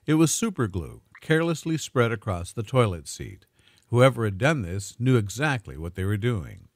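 A man smoothly narrating a dramatic story in a scripted, storytelling manner. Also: lowish voice, very animated, moderate pace, dry recording, studio quality.

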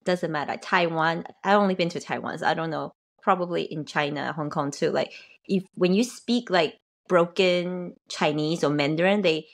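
A woman's voice: low voice, normal speed, vocal fry. A woman hosting a podcast, asking her guest questions in a chatty, casual way full of fillers. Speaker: podcast host.

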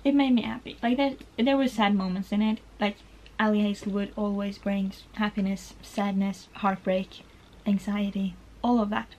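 In a low-quality recording, a young woman from Norway rambles through a casual book tag vlog, emotional and gushing about favorite books and saying "like" constantly. She speaks at a moderate pace in a medium-pitched, darkish voice with fairly even intonation.

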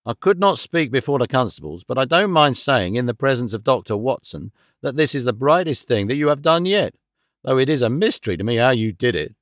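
A man's voice: mid-range voice, very animated, fairly quick, dry recording, clean studio sound, lightly acted. A man voicing a blunt, proud police inspector in an audiobook reading.

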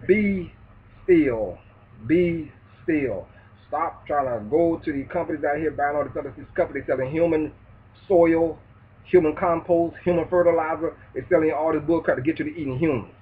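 Man vlogger, loud preachy rant, profane, slightly high voice, tinny distant phone-like sound. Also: a little fast, slight background noise. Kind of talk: ranting monologue.

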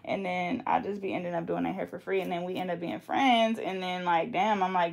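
Young Bay woman, gravelly voice, playful braider chatting with viewers. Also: on the low side, steady tone, fairly quick. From Bay Area, California. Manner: playful, chatty, laughs often. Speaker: hair braider and channel host. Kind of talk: casual chat with live viewers.

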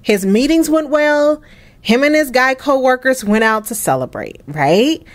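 A woman hosting a casual let's play, chatty and expressive, cursing and laughing at the game's drama. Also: sits high, unhurried. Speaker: gaming channel host.

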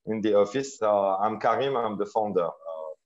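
A man with an Algerian French accent, an incubator founder speaking casually in an online workshop, halting with many fillers and repeated words. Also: lowish voice, expressive. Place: office. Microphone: video call. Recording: dull lo-fi video call audio.

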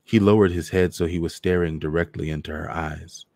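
A man reading a short story aloud in a steady, measured way. His voice is very low, recorded close and dry. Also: gravelly, dry recording. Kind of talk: cold read of a short story.

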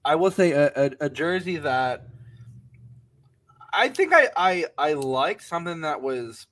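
Podcast co-host dude, lots of stammering restarts, excited casual chat. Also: male voice, on the high side, unhurried. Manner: animated, stammers and restarts often.

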